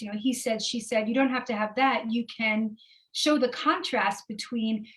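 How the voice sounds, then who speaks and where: A woman's voice: fairly high pitch, low-quality recording. A woman author answering interview questions over a video call, chatty, with frequent fillers and asides. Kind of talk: casual interview talk. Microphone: remote video call.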